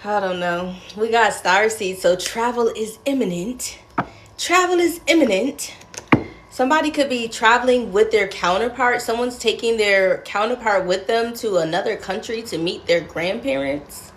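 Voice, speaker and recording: A tarot reader on a live stream speaks at a normal speed in a voice on the high side. Chatty and giggly, she calls her viewers "darling" and uses slang, with noisy background hiss behind her.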